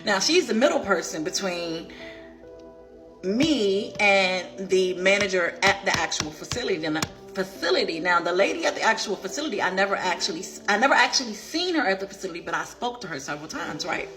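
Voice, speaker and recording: A woman and life coach sharing a personal faith testimony, speaking in an animated, conversational way and near tears at times. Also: medium pitch, a little fast, music in the background.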